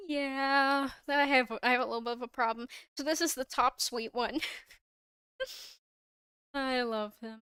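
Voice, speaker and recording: Young woman, livestream host, gushing fan energy; bright-pitched, very clean voice, dry and close on mic. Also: fairly even intonation, takes it slowly, pauses often, clean tone, no echo. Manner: gushing and giggly, frequent laughs and restarts. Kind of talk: casual fandom chat on a livestream. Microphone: own microphone, close.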